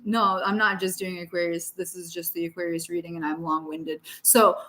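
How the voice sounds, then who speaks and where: A woman's voice: on the low side, steady tone, moderate pace, hardly any pauses, sharp tone, a little hiss or hum. Blunt, foul-mouthed woman reading tarot. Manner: blunt, profane tough-love talk. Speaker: tarot reader.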